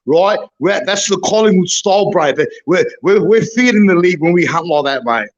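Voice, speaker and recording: A man's voice: high voice, lively intonation, moderate pace, lo-fi sound. An Australian man chatting as a fan guest, blokey and stammering, tacking "mate" and "bro" onto everything. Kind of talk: casual footy chat.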